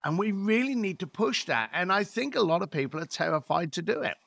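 A man's voice: sits high, big pitch swings, a little fast, vocal fry, a bit bright, no room sound. A man in his fifties, a podcast guest telling stories in a blunt, swearing, rant-like way. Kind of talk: podcast interview.

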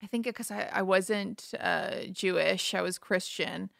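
A woman's voice: medium pitch, measured pace, vocal fry, fairly bright tone, no echo, studio quality. A young woman co-hosting a casual chat, upbeat and chatty, laughing easily. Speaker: podcast co-host.

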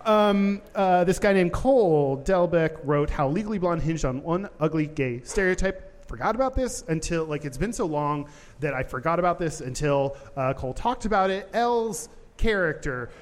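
Brief: high-pitched male podcast host, animated, swears, laughs a lot, recorded in a reverberant room. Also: normal speed. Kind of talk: casual comedic chat.

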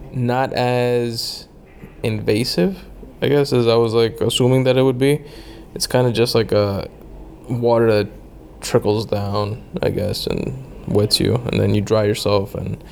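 A man's voice: medium pitch, darkish tone, slight background noise. A young man chatting loosely about his travels, rambling with lots of fillers and casual swearing. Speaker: travel vlogger.

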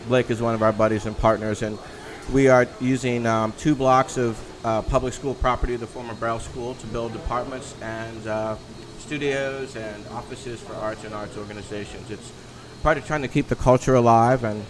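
Relaxed New man talking while eating. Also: mid-range voice, normal speed. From New Orleans. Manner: relaxed, talking with his mouth full. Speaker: guest. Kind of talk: casual radio chat.

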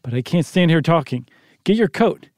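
A man's voice: fairly high pitch, animated, normal speed, darkish tone, dry recording, clean studio sound, lightly acted. A man reading the part of an urgent, commanding father who barks orders, in a story read aloud.

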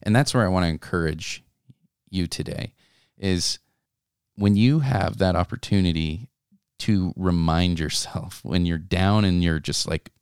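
A man's voice: deep voice, a little slow, a little mellow, clean tone, no echo, studio quality. A young man in an earnest, conversational devotional talk, reading scripture aloud and then reflecting on it. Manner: earnest, conversational, with many restarts and asides. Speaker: co-host reading and discussing scripture.

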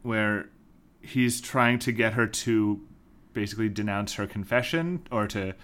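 A man co-hosting a podcast, recapping a TV episode in casual chat, animated and swearing, mimicking characters as he goes. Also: fairly low pitch, measured pace. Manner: animated, swears, puts on voices to mock characters. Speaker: podcast co-host.

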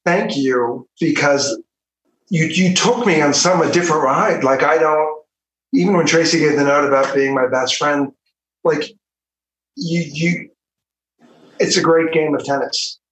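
Male podcast guest, slightly high voice, halting and heartfelt; roomy sound, set back from the mic. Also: a bit bright, distant mic. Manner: halting and heartfelt, many restarts. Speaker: actor guest. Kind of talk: casual podcast chat.

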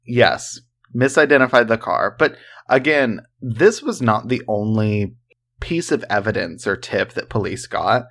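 A man's voice: on the low side, animated, unhurried, fairly bright tone. A man co-hosting a casual true-crime podcast, talking in a joking, rambling way full of fillers. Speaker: podcast co-host.

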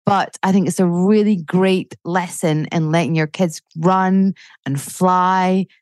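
A woman's voice: lowish voice, steady tone, normal speed, warm tone, no room sound. A woman in her forties, a comedian chatting as a podcast guest, swearing freely and ranting with rising energy. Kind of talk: casual chat.

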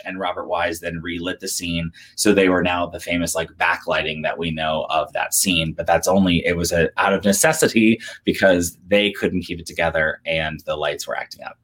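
Man, very deep voice, co-host, casual trivia chat, rambling, lots of fillers. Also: normal speed, few pauses. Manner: rambling storyteller with many fillers, animated. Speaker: podcast co-host.

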